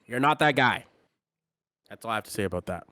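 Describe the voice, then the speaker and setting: A man's voice: on the low side, expressive, brisk, bright, forceful tone, no room sound. A man co-hosting a casual sports podcast, talking bluntly and with strong opinions, often trailing off and restarting his sentences. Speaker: podcast co-host.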